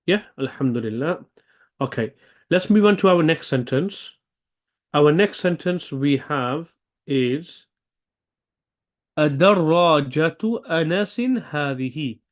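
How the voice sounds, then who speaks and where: A man teaching an Arabic grammar class, thinking aloud and checking in with "okay?" often. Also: a little high. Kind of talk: online language lesson.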